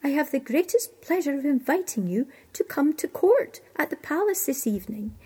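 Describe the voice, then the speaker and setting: A woman voicing an eager, naive young male servant who gushes with excitement. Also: high-pitched, normal speed. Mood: excited. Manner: excitable, gushing.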